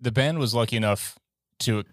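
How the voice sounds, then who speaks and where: A man's voice: mid-range voice, moderate pace, dry recording, clean studio sound. A man co-hosting a podcast, joking crudely and swearing freely in casual chat. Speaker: podcast co-host.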